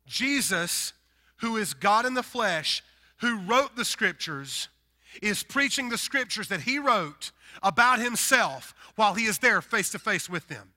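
Bright-voiced Southern preacher. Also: male voice, sits high. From Deep South, US. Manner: animated, emphatic preaching with big swings in volume. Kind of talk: sermon. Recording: long hall reverb.

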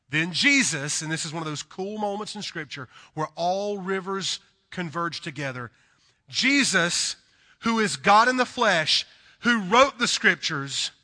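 Southern preacher, high bright voice, hushed-to-loud delivery, long hall reverb. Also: male voice. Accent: Southern American. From Deep South, USA. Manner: dramatic swings from hushed to loud, mimics voices. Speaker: pastor. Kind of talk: sermon.

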